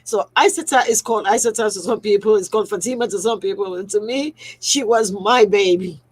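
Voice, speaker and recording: A woman speaks straight to her livestream audience, heartfelt and close to tears. Her voice sits at an ordinary middle pitch, and she talks warmly to the viewers as if they were family. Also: brisk, slightly rough, no echo, low-quality recording. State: on the verge of tears. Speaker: skincare business owner hosting a live stream. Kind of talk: emotional personal livestream.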